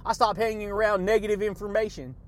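A man with a high voice hosts a motivational podcast. He talks excitably and repeats himself in a preachy pep-talk style. He laughs often and drops catchphrases between his points. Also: fast talker. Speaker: podcast host.

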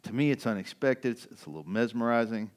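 A male pastor giving a sermon in a casual, conversational way, laughing often and swinging from loud, excited bursts to quiet, low stretches. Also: fast.

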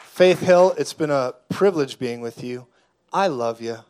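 A man preaching a sermon as a guest preacher, declaring loudly at times and then dropping to a hushed, intense tone, with jokes along the way. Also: medium pitch, expressive, a little slow, some chatter behind, slight background noise. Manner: jokey, laughs mid-sentence.

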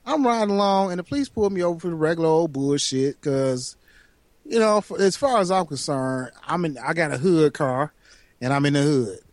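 A man telling a profane, animated story on a casual podcast chat. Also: a little high, a little fast, no room sound. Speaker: podcast co-host.

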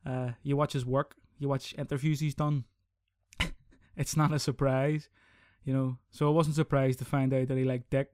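A man's voice: medium pitch, moderate pace, dry recording, clean studio sound. A young man hosting his own podcast, ranting casually and swearing a lot. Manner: sweary, rambling, animated. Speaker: podcast host. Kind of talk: casual solo podcast rant.

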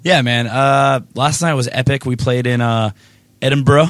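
A man's voice: medium pitch, steady tone, moderate pace, no room sound. A man in a backstage dressing room trading crude, self-mocking jokes in casual banter. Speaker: band member in a backstage chat.

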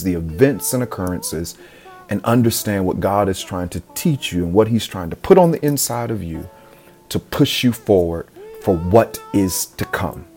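An earnest man hosts a motivational podcast in a low, mellow voice. He speaks emphatically and leans on repetition, with soft music faintly underneath. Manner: earnest, emphatic, repeats phrases for effect. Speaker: podcast host.

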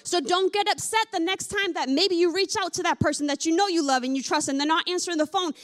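A woman's voice: very high voice, fast talker, fairly bright tone. A woman preaching a sermon in a candid, conversational way. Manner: conversational, candid, with many fillers like "like". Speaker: pastor.

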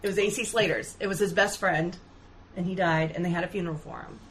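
A woman's voice: lowish voice, steady tone, fast, slight background noise, low-quality recording. Chatty woman co-hosting a casual podcast. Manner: chatty, laughs easily, corrects herself mid-sentence. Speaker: podcast co-host. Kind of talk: casual chat.

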